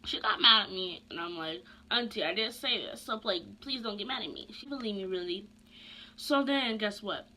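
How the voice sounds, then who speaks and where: A young woman telling a casual storytime, chatty and animated, full of slang and asides. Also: mid-range voice, moderate pace. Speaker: vlogger.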